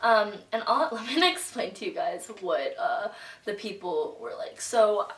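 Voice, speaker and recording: A young woman chats through a story for her vlog, stacking up fillers and acting out what people said. Her voice sits at an ordinary middle pitch. The sound bounces around the room, and she is a little back from the mic. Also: animated, a little slow, a bit bright, far from the mic. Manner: chatty, filler-heavy with lots of "like" and quoted reactions. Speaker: vlogger. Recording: roomy echo, voice a bit off-mic.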